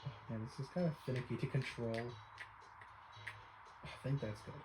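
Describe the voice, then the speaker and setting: A man's voice: mid-range voice, moderate pace, over music, poor audio. A man giving casual, offhand let's-play commentary over a game, talking loosely with frequent fillers. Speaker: game streamer.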